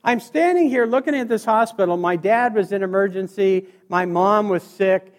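A man from Montana with a high voice delivers a joking motivational speech to a live crowd. He is middle-aged and tells stories with sound effects and quick asides. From Montana, USA. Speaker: motivational speaker. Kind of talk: humorous keynote speech. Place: stage before a live audience.

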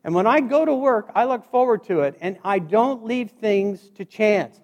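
A motivational speaker from Montana, USA, gives a humorous keynote on stage before a live audience. His voice is high, expressive, and a little mellow, moving at a moderate pace as he jokes and acts out stories with sound effects.

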